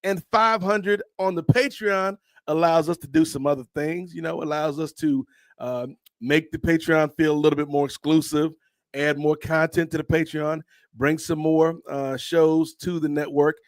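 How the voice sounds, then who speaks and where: A man's voice: a little high, fairly even intonation, moderate pace, dry recording. A man co-hosting a casual podcast, telling stories from his job and acting out the dialogue with lots of animation. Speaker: podcast co-host. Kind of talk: casual storytelling chat.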